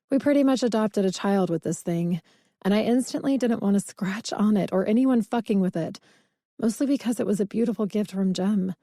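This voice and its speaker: Mellow-voiced woman narrating a romance. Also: medium pitch, no room sound, clean studio sound. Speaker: audiobook narrator. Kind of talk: first-person scripted romance narration.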